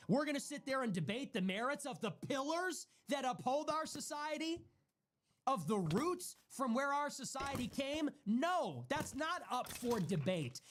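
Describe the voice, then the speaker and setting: High-pitched man in a profane, furious rant. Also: a bit bright, slight background noise. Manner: repeats himself for emphasis. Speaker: livestream host. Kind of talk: heated solo livestream rant.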